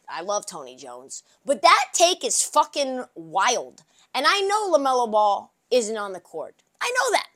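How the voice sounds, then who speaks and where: Profane, animated woman ranting about sports. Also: high voice. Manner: animated, swings from shouting to mumbling asides. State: has a migraine. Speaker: podcast host.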